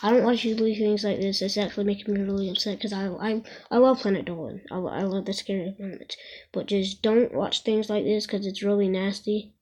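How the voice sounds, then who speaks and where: A woman talking casually at home for a reaction video, halting and repeating words as she goes. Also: medium pitch, fairly even intonation, darkish tone.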